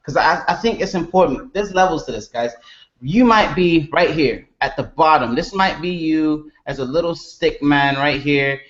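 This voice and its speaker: A man's voice: a little high, normal speed, fairly bright tone, lo-fi sound. A man speaking as a guest on a video call, giving an emphatic motivational pep talk built on repeated catchphrases.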